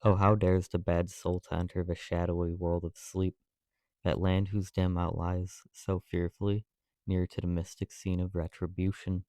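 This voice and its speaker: Low flat-voiced guy narrating an old novel, dark tone, dry close mic. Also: moderate pace, smooth, no room sound. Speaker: audiobook narrator. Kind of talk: audiobook narration.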